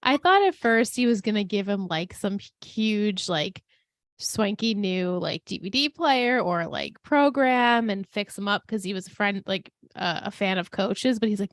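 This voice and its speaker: A woman co-hosting a podcast, recapping a TV episode in casual, animated chat and quoting characters with put-on voices. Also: mid-range voice, measured pace, dry recording, clean studio sound. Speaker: podcast co-host.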